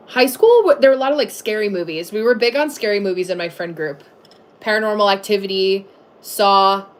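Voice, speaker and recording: A woman in her thirties chatting casually on a livestream, answering viewers with lots of fillers and restarts. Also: mid-range voice.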